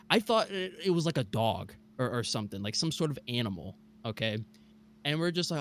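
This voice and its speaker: A man's voice: medium pitch, brisk, a little hiss or hum. Young man telling a spooky story. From Mississippi. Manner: animated, many fillers like "like" and "bro". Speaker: guest storyteller. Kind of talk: casual podcast storytelling.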